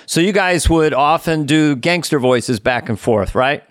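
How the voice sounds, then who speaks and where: A man's voice: on the high side, animated, unhurried, no echo, clean studio sound. A male co-host reminiscing in casual chat and laughing easily. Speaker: podcast co-host.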